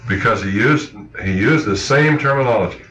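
A man's voice: medium pitch, fairly bright tone, soft background music. Earnest preacher man in an echoey room. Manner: earnest, halting, with many restarts and acted-out quotes. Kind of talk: sermon. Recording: echoey, muffled old sermon recording.

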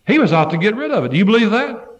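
Male preacher with a fairly high voice, fervent sermon delivery that rises to cries and drops to hushed tones. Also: big pitch swings, very fast, lo-fi sound. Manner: fervent preaching that swings from loud cries to low, hushed passages.

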